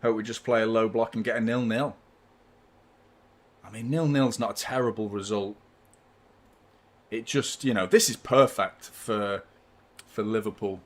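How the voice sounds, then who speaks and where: A man's voice: fairly low pitch, measured pace, pauses often. A man hosting a live football watchalong, giving chatty, partisan fan commentary and swearing freely.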